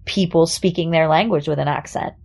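A woman's voice: low voice, steady tone, brisk, vocal fry, a little mellow, breathy edge. A woman from Germany, a guest comedian and actor, chatting casually and playfully, laughing often. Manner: playful, laughing, slips into accents. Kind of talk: casual chat.

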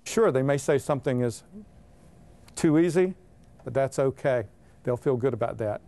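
A man's voice: medium pitch, moderate pace, warm tone, no room sound, soft background music. A man giving assured, plain-spoken explanations in an interview as a reading intervention expert.

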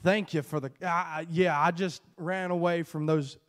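A preacher voicing a young shepherd boy who answers quietly and offhandedly. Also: fairly high pitch, fairly even intonation, normal speed, lightly acted. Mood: nonchalant.

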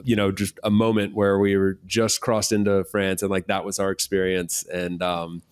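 A man's voice: low-pitched, flat delivery, normal speed, clear, resonant tone, no room sound. A man, the podcast host, telling a casual anecdote in a rambling way with lots of fillers.

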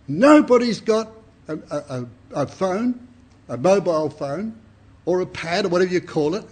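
Husky older man preaching earnestly. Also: high-pitched, expressive, normal speed. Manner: earnest, emphatic, repeats himself. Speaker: Bible speaker. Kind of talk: sermon.

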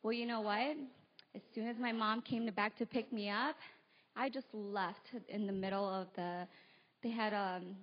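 A woman's voice: medium pitch, fairly even intonation, moderate pace. A woman telling the children a story about her own past at a church service, talking to them and acting out the voices of her family. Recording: dull lo-fi live stream audio.

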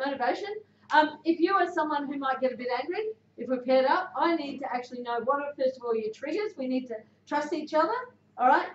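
A woman's voice: sits high, slight background noise. An Australian woman giving a motivational talk to a sports club, direct and emphatic, often putting questions to her listeners. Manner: direct, emphatic, quizzes the audience. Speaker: guest speaker. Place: club room before a team. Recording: echoey room, dull sound.

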